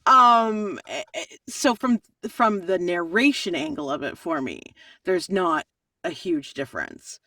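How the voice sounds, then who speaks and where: Audiobook narrator lady, super animated chat, laughs a lot, sounds a bit far from the mic. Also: fairly low pitch, unhurried, no echo. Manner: chatty, animated, laughs often. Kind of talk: podcast interview answers.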